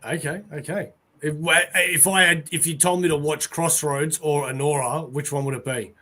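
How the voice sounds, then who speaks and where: A man with a fairly high voice hosts a relaxed chat over a video call. He talks hesitantly, fills gaps with ums and restarts, and chuckles often. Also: normal speed. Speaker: host. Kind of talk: casual chat.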